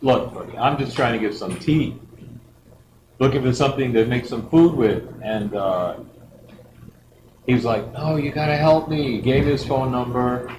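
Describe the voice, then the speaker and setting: A man's voice: mid-range voice, a little slow, long pauses. A middle-aged man giving a rambling personal story as a church guest speaker, acting out the quotes. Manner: rambling and lively, acts out quotes. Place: church hall. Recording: echoey hall with background noise.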